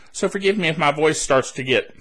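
A man's voice: a little high, fairly bright tone, slightly rough. A man hosting a solo tech news podcast, chatty and rambling with laughs and asides, his throat a little dry. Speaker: podcast host.

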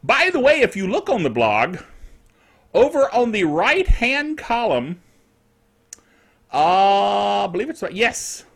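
A man's voice: sits high, wildly swooping pitch, takes it slowly, gravelly, pauses often, a bit bright, husky. A middle-aged man hosting his own netcast in a casual, jokey way, with playful asides. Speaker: podcast host. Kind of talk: casual solo netcast chat.

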